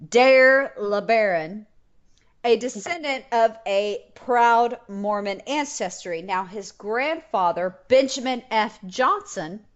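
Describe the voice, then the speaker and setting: A woman's voice: a little high, lively intonation, slow pace. A woman co-hosting a casual history podcast, swearing freely, teasing and laughing often. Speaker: podcast co-host. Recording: dull lo-fi podcast audio.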